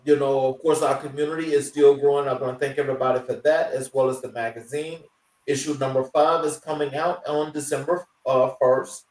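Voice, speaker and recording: A man hosting a talk show, wrapping up the episode in a halting way, full of fillers and restarts. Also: medium pitch, a little mellow, roomy sound, distant mic, rough recording. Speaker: show host. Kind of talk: casual show wrap-up.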